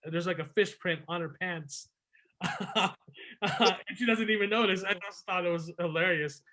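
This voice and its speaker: A man's voice: high voice, a little slow, sharp tone. A man hosting a podcast, casually retelling a show's episode in a loose flow with many fillers. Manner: retells scenes in a loose flow, with "before you know it" and "um". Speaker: podcast host. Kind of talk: casual movie review chat.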